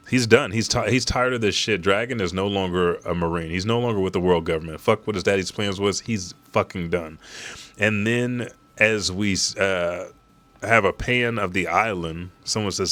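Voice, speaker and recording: A man's voice: lowish voice, normal speed, fairly bright tone. A man hosting a weekly live read, reading a comic chapter aloud and reacting casually, swearing freely between the lines.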